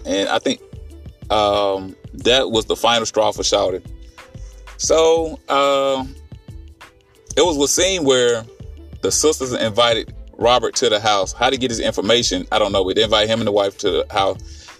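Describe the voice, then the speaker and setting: Through a distant mic, a podcast host with a lowish voice rambles through a film recap, swearing freely and peppering his animated retelling with fillers and restarts.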